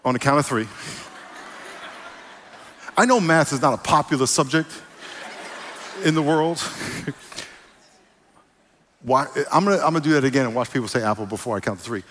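This pastor speaks at a moderate pace in a medium-pitched, somewhat bright voice, pausing often as he playfully jokes with his congregation and invites call-and-response. There's a long hall reverb plus a little hiss or hum.

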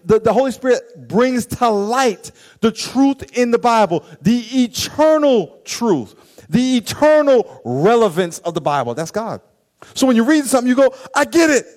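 A man preaching a sermon, animated and acting out scenes and quoted voices for the congregation. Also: extremely high pitch, measured pace. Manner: animated, acts out stories and quotes. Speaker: pastor.

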